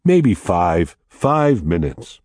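A man's voice: sing-song, very slow, darkish tone, no echo, clean studio sound, heavily acted. A man voicing a reckless, boastful young brother who taunts and turns everything into a competition. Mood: taunting. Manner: teasing, boastful, rising to shrill panic.

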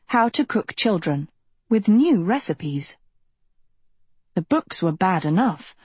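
Female audiobook narrator, unhurried expressive delivery, dry close sound. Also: mid-range voice, husky, no echo. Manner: measured, expressive storytelling. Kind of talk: scripted narration.

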